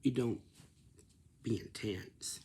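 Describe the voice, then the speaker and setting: A man's voice: mid-range voice, takes it slowly, mellow, husky. A man talking casually in a rambling way, repeating himself and coaxing his listener with questions. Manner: repetitive, coaxing questions with many restarts.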